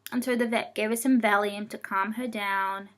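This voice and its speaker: Bright, chatty young woman vlogger. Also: medium pitch, steady tone, normal speed. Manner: chatty, rambling, swears often, talks to her cat mid-story. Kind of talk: casual storytelling vlog.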